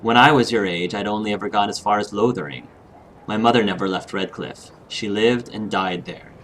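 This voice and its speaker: Man playing a fond, doting mother writing home, soft and unhurried. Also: lowish voice, slight background noise, natural voice. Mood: tender. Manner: slow, tender letter reading.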